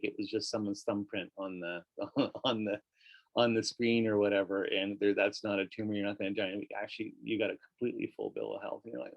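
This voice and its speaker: Low gravelly man guiding meditation. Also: fast, dry recording, lo-fi sound. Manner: relaxed, conversational, with casual fillers. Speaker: meditation teacher. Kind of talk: guided meditation and teaching.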